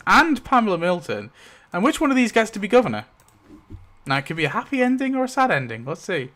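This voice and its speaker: A man's voice: a little high, sing-song, fairly quick, sharp tone. A man hosting his video, casually narrating a story rewrite decided by dice rolls, rambling with lots of fillers and little chuckles. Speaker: YouTube host.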